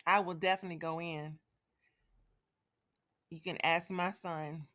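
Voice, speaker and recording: A woman's voice: lowish voice, steady tone, unhurried, pushed and bright. A woman hosting a live stream, talking straight to her viewers in a chatty, casual way with frequent fillers. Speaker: livestream host.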